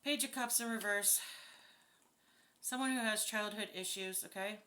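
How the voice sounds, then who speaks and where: A woman talks through a tarot spread in a bright voice. She reads casually and bluntly, swears freely and sounds openly indignant. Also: medium pitch, normal speed. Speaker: tarot reader. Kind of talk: casual spoken tarot reading.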